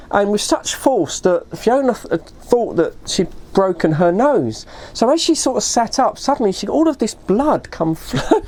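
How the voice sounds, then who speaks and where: Chatty woman, lively rambling story. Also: medium pitch. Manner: rambling, self-correcting, often says "you know". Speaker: vlogger. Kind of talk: casual storytelling.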